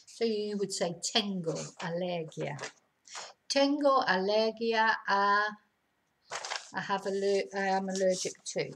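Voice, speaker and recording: A middle-aged woman teaching vocabulary in a casual lesson, chatty and slowing down to repeat words clearly. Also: mid-range voice, fairly bright tone, slight background noise, poor audio. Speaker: language teacher. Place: home in Spain.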